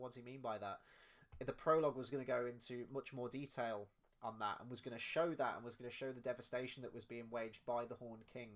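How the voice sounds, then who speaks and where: A young adult man with a mid-range voice co-hosts a relaxed film review chat. He rambles, circling back and restarting his thoughts with plenty of fillers. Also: mid-range voice. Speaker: podcast co-host.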